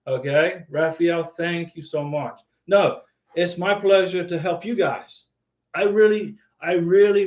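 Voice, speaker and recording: A man's voice: sits high, darkish tone, reverberant. A man in his sixties hosting an immigration advice live stream, talking in an earnest, folksy way and often tagging his lines with "okay". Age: 60s. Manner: earnest, repetitive, folksy, tags lines with 'okay'. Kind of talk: casual live-stream chat.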